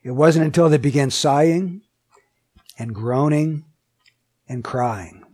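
A man's voice: fairly high pitch, takes it slowly, a little mellow, breathy edge. A man preaching a sermon. He reads scripture aloud, asks the listeners many questions, and repeats his points with emphasis. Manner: emphatic and repetitive.

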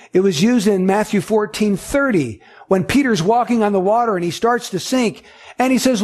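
Husky high-voiced man preaching. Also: normal speed, darkish tone. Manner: earnest, emphatic teaching with repetition. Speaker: pastor. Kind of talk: sermon.

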